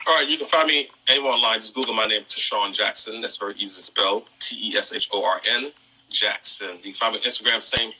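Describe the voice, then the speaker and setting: A man's voice: lowish voice, fast talker, bright, forceful tone, husky, rough recording. A man from Antigua and Barbuda with a Caribbean accent, a guest on a live video call, giving brief, matter-of-fact answers. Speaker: guest photographer. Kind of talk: casual live interview.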